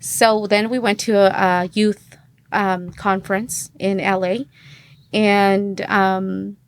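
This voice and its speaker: A woman's voice: mid-range voice, flat delivery, slow pace. Woman in her thirties telling her story. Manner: chatty, acts out quoted dialogue, many fillers. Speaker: podcast guest. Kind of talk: personal testimony in casual conversation.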